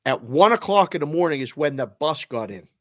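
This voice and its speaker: With lively intonation and a brisk, fairly bright, slightly high voice, this middle-aged Boston-accented man, a sports betting show host, casually tells a heartfelt family story full of quoted voices. The recording is dry and clean, studio-grade.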